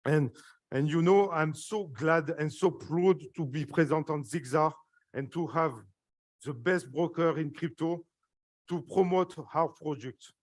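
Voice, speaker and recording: French-accented man, fairly high voice, halting emotional stage pitch, very dry sound. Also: dry recording. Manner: halting, earnest, emotional, with frequent fillers. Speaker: guest speaker presenting a project. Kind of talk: live stage speech.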